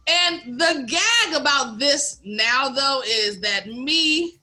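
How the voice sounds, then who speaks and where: A woman's voice: high voice, slow, few pauses. A young woman with a Philadelphia accent telling a workplace story on a casual podcast, candidly acting out what everyone said. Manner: animated, candid storyteller, acts out quotes. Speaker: podcast co-host, bartender.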